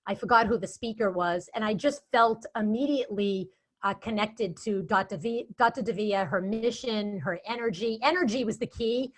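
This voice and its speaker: A woman's voice: medium pitch, normal speed. A woman with a Boston accent, a guest speaker chatting casually in an interview and telling stories animatedly. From Boston area. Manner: chatty, animated storytelling with quoted asides. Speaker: guest speaker and event moderator.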